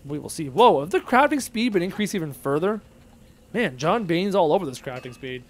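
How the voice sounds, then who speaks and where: This streamer's voice sits high and sing-song, and he moves briskly. He's playing a game live, muttering to himself, chatting, and reading chat aloud.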